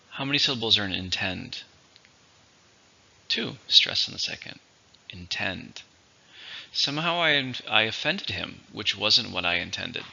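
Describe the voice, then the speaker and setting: A man teaches English vocabulary with a gravelly, slightly husky voice that still has a sharp, bright edge. He speaks slowly and deliberately, modelling each word's syllables and stress before reading example sentences. The recording sounds dull and lo-fi. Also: fairly low pitch.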